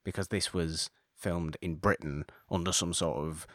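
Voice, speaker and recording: A man's voice: low-pitched, fairly even intonation, moderate pace, fairly bright tone, no room sound, studio quality. A man hosting a casual podcast chat, rambling and correcting himself as he talks, with frequent chuckles. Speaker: podcast host.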